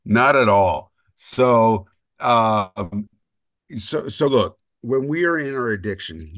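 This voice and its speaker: Man, very low voice, casual podcast co-host, earnest and rambling. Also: expressive, takes it slowly, fairly bright tone. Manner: earnest, rambling with restarts and self-deprecating jokes. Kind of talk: casual recovery talk.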